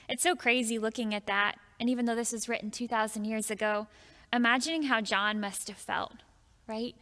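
A woman preaching a sermon in a church, reading scripture slowly and earnestly and then talking it through with the congregation. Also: on the high side, steady tone, bright, forceful tone. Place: church sanctuary. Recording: long hall reverb.

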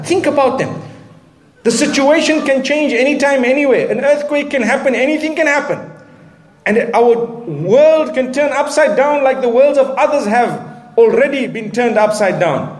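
Man, preacher, sermon, high-pitched, echoey hall sound, earnest, animated. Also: moderate pace. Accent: Southern African English. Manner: earnest, animated, with Arabic phrases and light humor.

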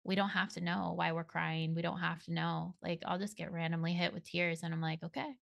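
Gentle woman guest with a gravelly voice. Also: on the low side, little pitch movement, fairly quick, no echo. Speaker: podcast guest, spiritual coach. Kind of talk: casual interview chat.

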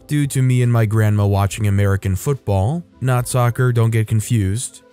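A man narrates online stories in a steady, conversational reading voice. His tone is mellow and relaxed, at a middle pitch. Faint music plays softly under the voice. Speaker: story narrator.

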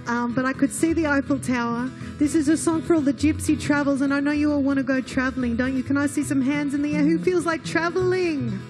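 A high-pitched woman talks to a festival crowd between songs, loose and chatty with frequent laughter. She speaks into a stage mic while a guitar plays softly behind her. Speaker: singer-songwriter.

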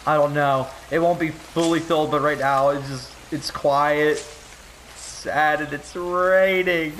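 A young man giving casual gaming commentary, swinging from mock grief to frantic yelling and swearing. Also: fairly high pitch, steady tone, slow, slight background noise, low-quality recording. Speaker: gameplay commentator.

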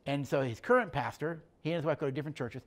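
Speaking fast at a fairly high pitch, this middle-aged man teaches on emotional health and leadership in a conversational way. He's a plainspoken storyteller who performs the dialogue of his anecdotes.

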